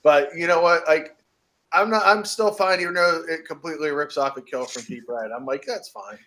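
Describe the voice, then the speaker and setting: Bright-voiced, animated American man. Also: fairly high pitch, fairly quick. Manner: animated, jokey, laughs often. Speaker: podcast co-host. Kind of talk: casual chat about horror movies.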